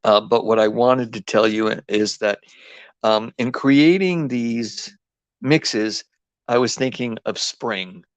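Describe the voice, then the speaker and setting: A man's voice: mid-range voice, takes it slowly, dry recording. A man with an East Coast accent hosting a live craft demo, rambling and chatty with lots of ums and restarts. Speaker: craft host.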